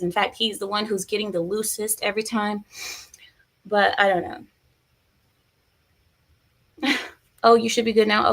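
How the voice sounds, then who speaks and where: A woman's voice: mid-range voice, fairly bright tone. Woman ranting on her stream, chatty, opinionated, talks right to her viewers. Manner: chatty, opinionated, reads viewer comments aloud. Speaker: political commentary streamer. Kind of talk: casual live-stream commentary.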